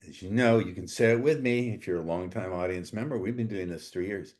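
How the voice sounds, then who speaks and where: A man's voice: low-pitched, fairly quick, a little mellow, faint music behind. A man hosting a podcast interview, joking and talking with theatrical emphasis. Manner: playful, jokey, theatrical emphasis. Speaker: podcast host.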